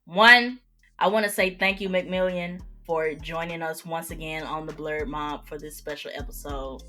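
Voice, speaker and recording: A woman's voice: low-pitched, fairly even intonation, normal speed, bright, forceful tone, soft background music. A woman hosting a casual podcast chat, bantering and laughing with her co-hosts. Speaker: podcast host.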